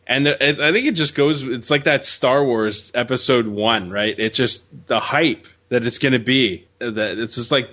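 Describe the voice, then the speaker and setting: A man's voice: mid-range voice, a bit bright. A man co-hosting a casual podcast, talking with wry, joking asides. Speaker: podcast co-host. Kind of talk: casual chat.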